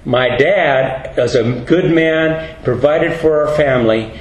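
A man's voice: fairly high pitch, slow pace. A middle-aged man preaching a storytelling sermon as a pastor, folksy and earnest, acting out the voices he quotes. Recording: roomy hall with faint ambience.

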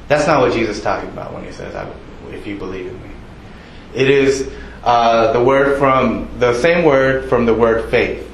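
A man delivers a sermon in a loose, conversational manner, pausing often with ums and uhs. His voice sits at an ordinary middle pitch. The room around him rings with echo. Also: slight background noise. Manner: casual, conversational preaching with many fillers. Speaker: preacher. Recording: echoey room.

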